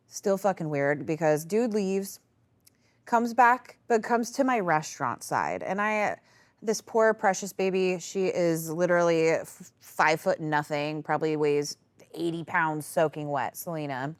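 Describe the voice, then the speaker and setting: A woman hosting a podcast, telling a work story in casual chat, animated and swearing freely, often laughing. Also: low-pitched, a little slow, no room sound. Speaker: podcast host.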